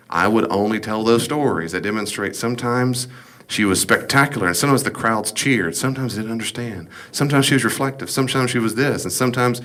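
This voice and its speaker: A man with a somewhat low voice teaches a Bible study in a relaxed, conversational way. He leans into his points with emphasis and keeps asking the class rhetorical questions.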